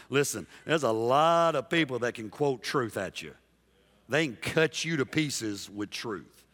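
A man preaching a sermon as pastor, emphatic and dynamic, dropping soft and then rising loud while he calls out to the congregation. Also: medium pitch. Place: large church sanctuary. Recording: long hall reverb from a big church.

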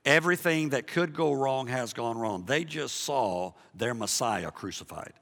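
Pastor guy preaching hard, forceful bright voice, lots of hall echo. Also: mid-range voice, animated, a little slow, vocal fry. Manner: impassioned, swings between hushed and loud, repeats himself. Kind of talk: sermon.

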